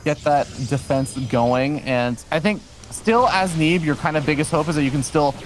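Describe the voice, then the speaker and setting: A man's voice: on the high side, moderate pace, faint music behind. A man co-casting a live strategy game match, trading playful banter and breaking down the play in detail. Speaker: esports caster.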